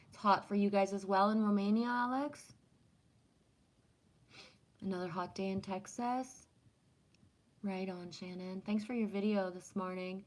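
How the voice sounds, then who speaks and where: A woman's voice: medium pitch, steady tone, unhurried, low-quality recording. A woman from Canada chatting casually on a livestream, rambling and swearing freely while reading and answering comments. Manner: profane, rambling, talks to chat. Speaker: livestream host.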